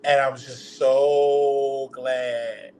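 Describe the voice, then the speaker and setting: A man hosting a personal vlog, halting and repeating words as his voice breaks with grief, close to tears. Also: mid-range voice, level tone, a little mellow, slight background noise. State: on the verge of tears. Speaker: channel host.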